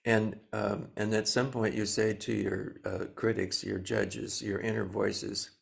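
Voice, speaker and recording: Gravelly older man giving a slow dharma talk. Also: lowish voice, little pitch movement. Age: 70s. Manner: slow, gentle, pausing with many fillers. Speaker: Zen teacher.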